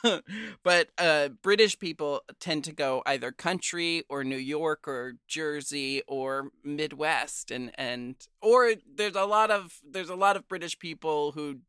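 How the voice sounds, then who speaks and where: A man's voice: on the high side, measured pace, sharp tone, clean tone, no echo, studio quality. A host from the Pacific Northwest in his thirties, talking candidly in a casual interview, swearing freely and laughing often. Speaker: podcast host.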